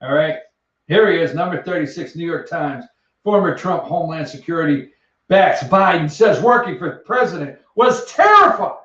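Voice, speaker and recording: A man's voice: fairly high pitch, normal speed, fairly bright tone. A man hosting a sarcastic, jokey countdown of news headlines from an office. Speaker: host. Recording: echoey, distant, dull sound.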